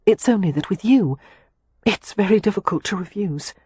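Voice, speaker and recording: Male narrator doing guarded young woman, hesitant replies, husky voice, dry close sound. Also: high voice, expressive, moderate pace, darkish tone, no room sound, voice pushed up. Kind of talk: audiobook character dialogue.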